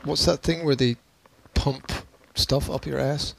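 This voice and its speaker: A man's voice: mid-range voice, steady tone, measured pace, creaky, dry recording. A man co-hosting a podcast in casual chat, rambling and teasing, with many restarts and laughs. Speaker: podcast co-host.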